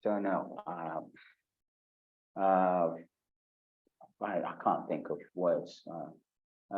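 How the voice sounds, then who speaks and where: Slow-talking Paisa-accented man teaching. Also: narrow, tinny audio. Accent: Colombian Spanish, Paisa. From Colombia. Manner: animated, acts out sample answers with shifting pitch. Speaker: IELTS speaking tutor. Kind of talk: live online lesson. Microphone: video call.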